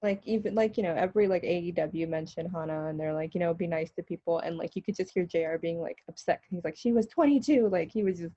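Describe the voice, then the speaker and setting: Twenties woman, podcast co-host, casual and lively, acts out what people said mid-story. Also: on the low side, quick pace, few pauses, no room sound, muffled recording. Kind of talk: casual chat. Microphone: video call.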